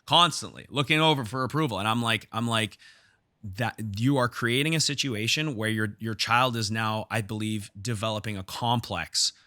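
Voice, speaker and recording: A man's voice: lowish voice, moderate pace, bright, forceful tone, dry recording, clean studio sound. A man hosting a podcast, telling a story from his gym in a casual, heated way, restarting his sentences. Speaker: podcast host and gym owner.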